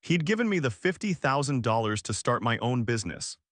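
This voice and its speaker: A man narrating a first-person story in a steady, even storytelling manner. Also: mid-range voice, fairly quick, no room sound, studio quality.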